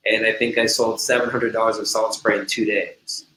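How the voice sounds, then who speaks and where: A man's voice: fairly low pitch, flat delivery, normal speed, bright, forceful tone. A man who runs a salon, talking business in an enthusiastic, conversational way on a remote call. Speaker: salon owner and co-host. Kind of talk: casual business talk. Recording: echoey room with faint hum.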